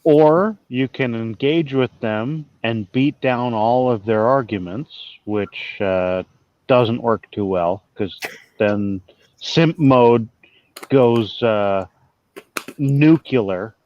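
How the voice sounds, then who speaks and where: Slow halting man, lo-fi mic. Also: mid-range voice. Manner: slow, halting, repeats words. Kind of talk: casual podcast chat. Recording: dull lo-fi audio.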